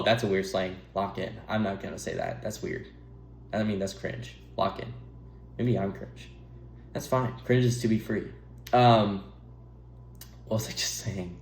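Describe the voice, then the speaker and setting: Rambling young man in an echoey room. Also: mid-range voice. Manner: rambling, self-interrupting, laughs at himself. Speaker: YouTuber giving advice. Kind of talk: rambling casual monologue to camera.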